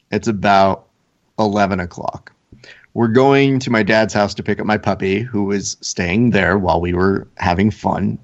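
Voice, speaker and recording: A man co-hosting a casual podcast, telling stories in a relaxed, laid-back way. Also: on the low side. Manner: laid-back storyteller, mimics others with a put-on accent. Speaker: podcast co-host. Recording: slightly dull lo-fi audio.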